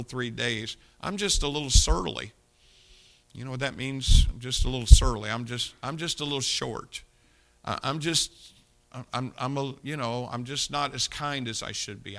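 A male pastor delivers a sermon in a bright, forceful voice with a gravelly fry underneath. He mixes scripture reading with plain, folksy talk aimed at his listeners. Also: medium pitch.

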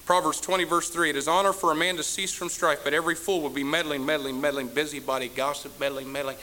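A man preaching a sermon as pastor, scolding his congregation and rising to shouts. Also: fairly high pitch, steady tone, fast, slight background noise.

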